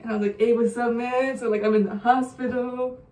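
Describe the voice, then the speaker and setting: High-voiced young woman telling a rambling story. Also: level tone, a little fast, dark tone. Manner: rambling, profane, laughing storyteller. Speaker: vlogger. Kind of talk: casual storytime. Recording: roomy sound, distant mic.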